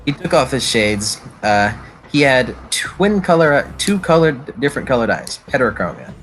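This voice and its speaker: A man narrating a tabletop role-play game as its game master, describing scenes with fillers and quick self-corrections. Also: medium pitch, sing-song, fairly bright tone, poor audio. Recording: faint background music.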